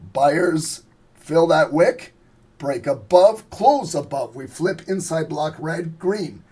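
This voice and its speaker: Man, hoarse, husky, fairly high voice, casual and profane, live trading lesson. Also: darkish tone. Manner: casual, profane, keeps checking in with viewers. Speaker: trading instructor. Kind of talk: live chart walkthrough on a stream.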